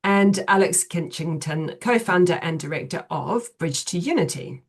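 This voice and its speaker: A middle-aged woman hosts a webinar over a video call, her voice sitting a little low. She speaks in a measured way, filling her pauses with ums and uhs as she runs through the housekeeping and the theme. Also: expressive, breathy edge. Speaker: chief executive hosting a webinar. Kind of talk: hosting an online webinar.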